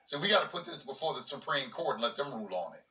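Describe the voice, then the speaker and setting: A man reads a legal memorandum aloud and stops now and then to explain it in plain talk, restarting and repeating his words. His voice is very bright and edged. It echoes through the room from a distance. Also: medium pitch, very animated, fast talker. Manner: breaks off reading for plainspoken asides, repeats words when he restarts. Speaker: host of a legal commentary channel. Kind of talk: reading a legal document aloud with casual commentary. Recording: roomy echo, voice from away from the mic.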